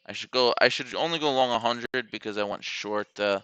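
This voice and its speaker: A man's voice: mid-range voice, brisk, bright, forceful tone, smooth, no echo. A man giving live commentary on his stock trades, thinking aloud and correcting himself as he places orders. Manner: self-correcting, muttering to himself over trade entries.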